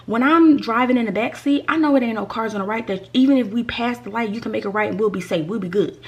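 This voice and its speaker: A woman vlogger telling a story from her own life, animated and fond of repeating lines for effect. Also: a little high, fast, few pauses. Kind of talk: storytime vlog.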